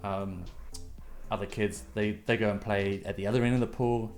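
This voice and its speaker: A man's voice: fairly low pitch, steady tone, moderate pace, a little mellow, soft background music. A man narrating a tabletop game as game master, describing scenes in a loose, rambling way.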